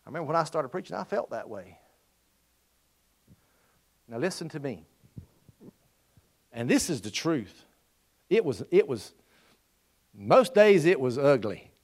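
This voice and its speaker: A middle-aged man preaching a storytelling sermon, folksy, dropping to quiet asides and rising to loud exhortation. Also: a little high, very animated, unhurried, pauses often.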